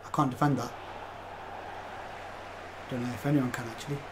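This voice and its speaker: A man's voice: mid-range voice, fairly even intonation, moderate pace, background noise. A young man commentating his own football video game match live, swearing often and talking to his chat as "lads". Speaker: game streamer.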